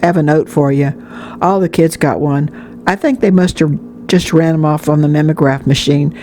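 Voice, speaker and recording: A woman's voice: low-pitched, dark tone, natural voice. A woman voicing an easygoing schoolboy who speaks casually and offhandedly. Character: easygoing schoolboy, older brother.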